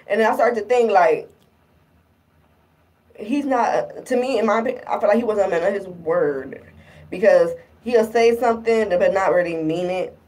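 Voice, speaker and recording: A woman's voice: medium pitch, normal speed, darkish tone. A woman in a casual vlog, retelling her relationship troubles in an exasperated, rambling way with lots of fillers. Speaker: vlogger. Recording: distant from the microphone.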